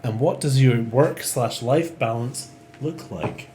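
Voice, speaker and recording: A man hosting a casual podcast, asking questions in a lively, jokey way. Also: medium pitch, slow pace, a little hiss or hum. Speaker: podcast host.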